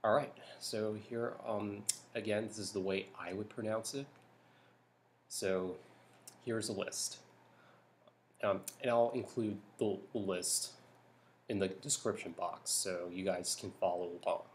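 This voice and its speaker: A young man from California talking softly in a hushed voice at home at night for a vlog, rambling with lots of ums and restarts. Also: fairly low pitch, fairly even intonation, a little slow, a little hiss or hum. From California, United States. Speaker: YouTuber. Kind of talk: soft-spoken vlog talk.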